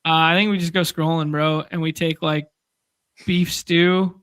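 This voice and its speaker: A man's voice: fairly high pitch, little pitch movement, unhurried, a bit bright, smooth, no room sound. A man co-hosting a podcast, casually chatting through fantasy sports picks and thinking aloud. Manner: rambling, restarts while thinking aloud. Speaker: podcast co-host.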